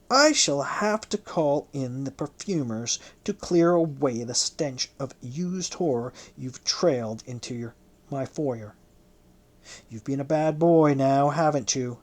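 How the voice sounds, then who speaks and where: A narrator voicing a haughty, teasing Roman noblewoman who mocks and coaxes in a slow, purring way. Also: medium pitch, expressive. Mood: mocking.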